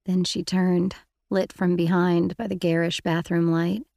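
Gravelly-voiced woman narrating an audiobook. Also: fairly low pitch, level tone, measured pace, warm tone, dry recording, clean studio sound. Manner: intimate, reflective storytelling. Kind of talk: first-person audiobook narration.

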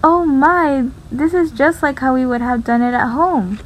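Woman reader voicing a kindly, welcoming mother in a storybook reading, fairly high. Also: a little slow, slight background noise. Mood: delighted.

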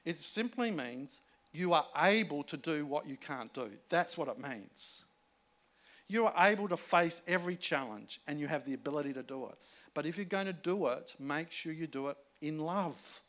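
A man preaching a sermon in a conversational way, moving between emphatic points and hushed asides. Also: on the high side, animated, normal speed. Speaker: pastor.

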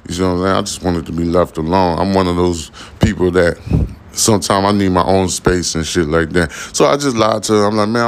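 A young man hosting a podcast, rambling casually in a profane, slang-heavy monologue. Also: low voice. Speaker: podcast host.

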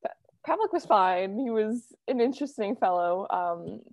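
A woman's voice: mid-range voice, expressive, unhurried, darkish tone, dry recording. Young woman, podcast host, chatty, lots of fillers, dry close mic. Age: young adult. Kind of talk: casual chat.

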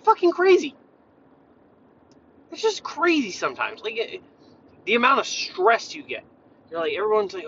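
Male fitness coach, high bright voice, blunt profane rant, slightly muffled lo-fi sound. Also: huge pitch swings, slow, pauses often, slight background noise. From Tennessee, USA. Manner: blunt, swears a lot, jumps around.

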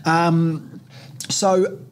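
A man's voice: on the high side, level tone, drawn-out words, clean tone. A man in his twenties hosting a podcast, talking casually and animatedly, swearing freely and leaning on "like" and "right?". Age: 20s. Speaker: podcast host. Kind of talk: casual motivational podcast talk.

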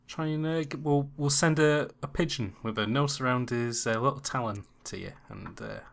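Give me a man as a formal, soft-spoken job interviewer letting someone down gently. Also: lowish voice, expressive, unhurried, pitched below the performer's own voice. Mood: apologetic. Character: polite male job interviewer, treasure in disguise.

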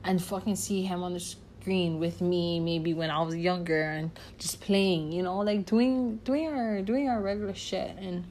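A woman's voice: lowish voice, fairly even intonation, measured pace, few pauses, darkish tone, a little hiss or hum. A young woman hosting her own podcast, talking candidly and casually, full of fillers, restarts and swearing. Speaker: podcast host. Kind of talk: casual personal podcast talk.

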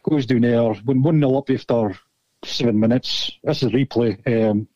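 Scottish ex-footballer rambling and swearing through old stories, dark voice, dry room. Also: male voice, mid-range voice, normal speed, dry recording, highs cut off. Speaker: guest, former footballer. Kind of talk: casual storytelling.

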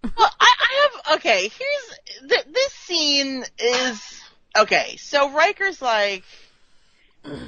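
Woman co-host, bright animated voice, unhurried, slightly dull lo-fi mic. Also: high voice, dry recording. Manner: laughing, animated, opinionated. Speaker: podcast co-host. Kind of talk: casual chat.

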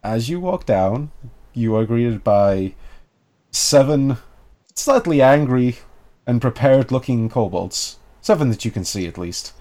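Male game master, measured descriptive narration, animated melody. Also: mid-range voice.

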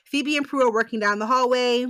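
A woman with a fairly high, bright, forceful voice recaps an episode in a casual podcast chat. She tells it with animated sarcasm and swears freely. The sound is dry and close. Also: a little fast, dry recording. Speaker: podcast co-host.

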